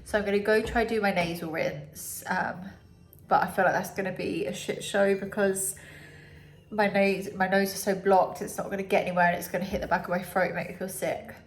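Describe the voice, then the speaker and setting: A woman's voice: mid-range voice, steady tone, brisk, faint music behind. Young woman from the uk, all bunged up and nasal, chatting on her phone at home, loads of ums and likes. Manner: chatty, rambling, with many fillers. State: congested, blocked nose. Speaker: vlogger. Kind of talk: casual recovery vlog.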